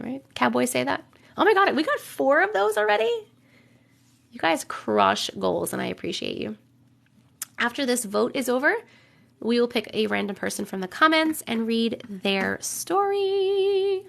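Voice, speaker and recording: Young woman, livestream host, high voice, rough from a cold, chatty, hums filler sounds. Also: very animated, a little slow. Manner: chatty, hums and scats filler syllables while waiting. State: voice rough from getting over a cold. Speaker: livestream host reading viewer stories. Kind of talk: casual livestream chat and story reading.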